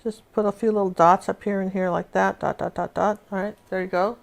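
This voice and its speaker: This painting instructor speaks briskly with vocal fry and a medium pitch that barely moves. During her live lesson she rambles on chattily, telling stories with many asides while working.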